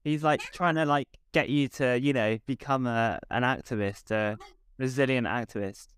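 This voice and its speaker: A man guesting on a casual podcast, talking haltingly with restarts and teasing asides. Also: mid-range voice, fairly even intonation, fairly bright tone, smooth, dry recording, clean studio sound. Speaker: comedian guest.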